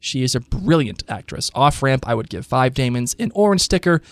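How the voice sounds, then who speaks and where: Animated man co-hosting a podcast. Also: mid-range voice, brisk, no room sound. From Rhode Island. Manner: animated, laughs often, reads listener comments aloud. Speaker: podcast co-host. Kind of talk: casual chat.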